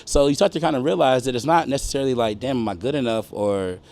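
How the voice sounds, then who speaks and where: A middle-aged man and music producer from St. Louis, telling stories in a casual interview, animated and swearing freely. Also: mid-range voice, fast. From St. Louis, USA. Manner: animated storyteller who acts out quotes, swears freely.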